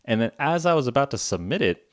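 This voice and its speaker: A man's voice: mid-range voice, very animated, quick pace, no echo, clean studio sound. A man hosting a casual podcast for English learners, explaining things in a chatty way, checking in with "okay?" and acting out little phone conversations. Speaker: English teacher and podcast host.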